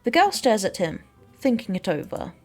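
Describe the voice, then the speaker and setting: A woman's voice: medium pitch, normal speed, faint music behind. Woman reading a visual novel aloud. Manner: animated, switches between character voices. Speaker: game streamer.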